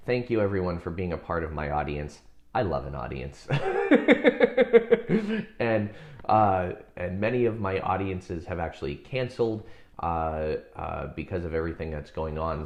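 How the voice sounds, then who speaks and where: Brief Deep-voiced male coach, loose livestream banter, rambling with fillers and frequent chuckles. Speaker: hypnosis and success coach. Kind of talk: casual livestream chat reading viewer comments.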